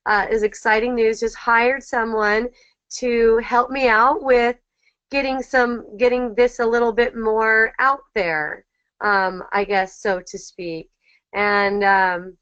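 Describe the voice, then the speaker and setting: A woman hosting an online spiritual dialogue, talking gently and reflectively, repeating key phrases and restarting sentences often, over slightly muffled lo-fi call audio. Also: fairly high pitch, steady tone, slow pace, smooth, dry recording. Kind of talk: reflective spiritual teaching talk.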